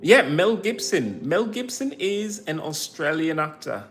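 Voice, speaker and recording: Pitched fairly high and fairly bright, his voice has a sing-song lilt and a measured pace. He's a US-born man with an English accent, a streamer casually chatting with and replying to viewers, tossing in sarcastic, teasing remarks.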